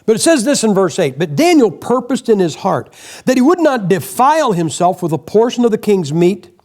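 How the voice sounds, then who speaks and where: Animated older man preaching, high lively voice. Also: moderate pace. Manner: folksy and joking, acts out quotes. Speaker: guest preacher. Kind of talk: sermon. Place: church sanctuary.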